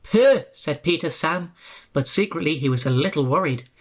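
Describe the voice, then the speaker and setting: A narrator reading a children's railway storybook aloud in a brisk, clear way. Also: medium pitch.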